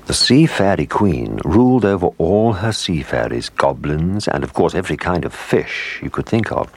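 A man narrating a children's story with expressive storytelling. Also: low voice, normal speed, slightly rough, no room sound.

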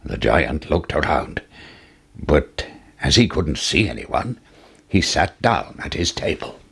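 A man reading a fairy tale aloud as a storyteller, in slow, expressive scripted storybook narration. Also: rumbling low, vocal fry, breathy edge.

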